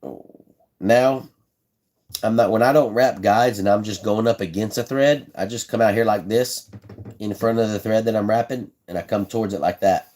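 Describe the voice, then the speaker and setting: A man with a fairly low, slightly mellow voice speaks at normal speed on a live stream, casually demonstrating how he builds fishing rods. Relaxed and folksy, he chats, repeats himself, and answers people in the chat.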